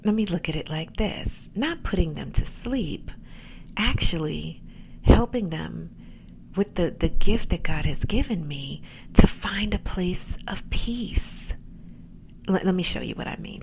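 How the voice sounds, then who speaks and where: Calm soft-voiced lady coach doing a chill pep talk podcast, kinda low and gravelly. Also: background noise. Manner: faith-based encouragement. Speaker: podcast host and accountability coach. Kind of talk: casual motivational pep talk.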